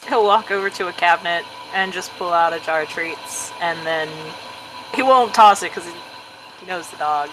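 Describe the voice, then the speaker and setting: Woman game master, relaxed halting narration, lowish voice, noise under the line. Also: rough recording.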